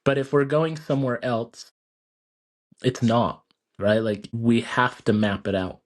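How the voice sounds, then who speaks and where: A man's voice: medium pitch, unhurried. A man hosting a podcast, chatting casually and often checking in with "right?". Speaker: podcast host. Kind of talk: casual chat.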